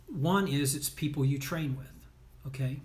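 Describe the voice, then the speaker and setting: A man's voice: medium pitch, a little slow. A man coaching athletes and parents, speaking emphatically and bluntly, often checking in with "right?" and "okay?". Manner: blunt, scolding tone. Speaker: sports performance coach. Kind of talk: motivational talk.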